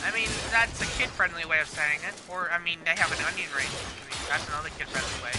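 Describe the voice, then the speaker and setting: A teenage boy streaming a game live, his voice sitting high for a young man as he rambles through crude, giggly jokes. Loud game music plays under everything he says. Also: fast, hardly any pauses. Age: teens. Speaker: gaming streamer. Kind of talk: live gameplay commentary.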